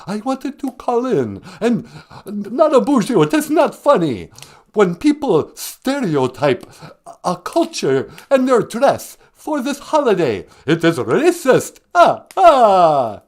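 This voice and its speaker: A man's voice: wildly swooping pitch, a little mellow, heavily acted. Man putting on a cackling vampire Count. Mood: indignant. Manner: booming, drawn-out, cackling "ah, ah" laugh. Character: theatrical old male vampire count, dramatic.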